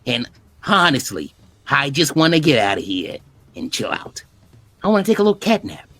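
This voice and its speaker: A man's voice: mid-range voice, huge pitch swings, normal speed, gravelly, fairly bright tone, a little hiss or hum, heavily acted. A man voicing a stressed, weary male Plusle who rambles and pleads for peace in a tabletop game. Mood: weary pleading. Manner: rambling, pleading, self-correcting.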